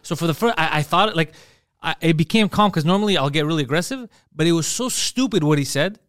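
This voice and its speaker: A man co-hosting a casual podcast, telling animated, profane stories and acting out his own angry outbursts. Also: fairly high pitch, quick pace, no room sound, clean studio sound. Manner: animated storytelling, heavy swearing, acts out his own outbursts. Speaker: podcast co-host.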